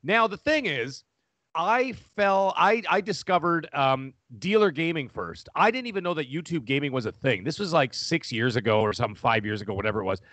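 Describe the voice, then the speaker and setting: A middle-aged man tells a long personal story as a podcast guest. He talks loudly and animatedly, in a fairly high voice, with frequent restarts. His mic sound is close and dry. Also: lively intonation, a little fast, no room sound. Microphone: studio microphone.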